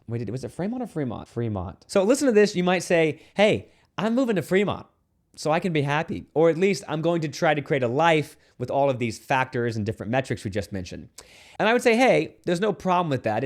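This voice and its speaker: A man who is a Catholic priest, giving an earnest, conversational video homily to camera with playful asides. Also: fairly high pitch. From United States.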